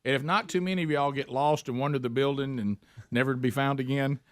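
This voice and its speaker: Fast-talking radio host. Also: male voice, mid-range voice, fairly even intonation. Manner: fast, casual banter. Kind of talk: morning radio talk. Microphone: studio microphone.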